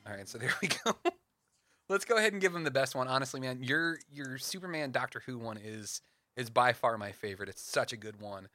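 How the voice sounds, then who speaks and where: Young man, podcast co-host, bright forceful voice, animated storytelling, faint music behind. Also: medium pitch, fairly quick, no room sound. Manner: animated, dramatic build-ups, playful. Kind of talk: casual chat, storytelling fan crossovers.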